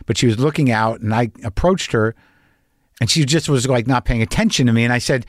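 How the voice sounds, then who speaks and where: A man's voice: medium pitch, fairly quick, no echo, clean studio sound. A middle-aged man hosting a podcast, rambling and profane, with many restarts. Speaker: podcast host. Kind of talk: casual monologue and interview.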